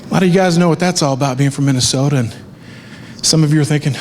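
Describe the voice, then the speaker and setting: A middle-aged man delivers a motivational talk on stage, telling stories with lively energy and jumping into playful voices for the people in them. His voice sits a little on the high side. It rings out with long reverb in a large hall, over a faint background hiss. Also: rapid-fire. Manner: animated storytelling, acts out voices. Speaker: motivational speaker. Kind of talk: keynote speech with live art. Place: large hall with live audience.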